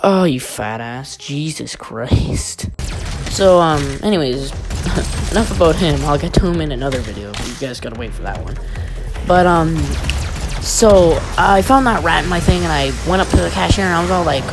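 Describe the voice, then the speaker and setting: A man's voice: on the high side, lively intonation, brisk, over music. A young man vlogger telling a crude, exaggerated comic rant. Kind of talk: comedic rant vlog.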